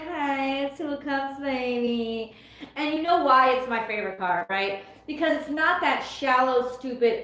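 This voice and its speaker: A woman from the US East Coast gives a casual tarot reading on a livestream, her high voice a little slow and a bit bright. She's chatty, laughs often and exclaims as the cards come up, all in a very echoey room.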